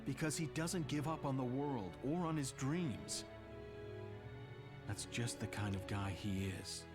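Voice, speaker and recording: An actor playing an earnest, gentle young man in a dubbed game cutscene. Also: mid-range voice, a little slow, close to an everyday voice. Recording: game audio with music.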